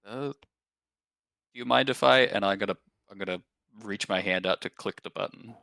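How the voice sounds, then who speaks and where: A man's voice: lowish voice, normal speed, vocal fry, pushed and bright, dry recording. A man playing a tabletop game, chatting casually in a playful, joking way. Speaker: player.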